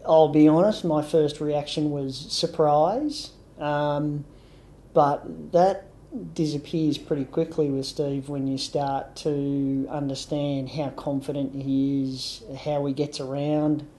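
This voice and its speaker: An Australian woman speaking candidly and deliberately in an interview. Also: low-pitched, fairly even intonation, mellow. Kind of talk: documentary interview.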